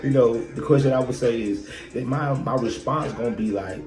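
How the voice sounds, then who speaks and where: Guy ranting self-help stuff, cussing a lot, echoey room, loud beat behind him. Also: medium pitch, fairly quick, over music. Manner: blunt, profane, preachy, rhetorical questions. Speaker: podcast host. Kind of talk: motivational monologue.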